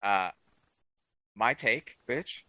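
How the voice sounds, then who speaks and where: A man with a very bright, sharp edge to his voice tells his take as an animated storyteller, swinging his voice high and low. His voice sits on the lower side, and the sound is dry and close with no room echo. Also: extremely slow. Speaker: podcast co-host. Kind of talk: casual wrestling chat.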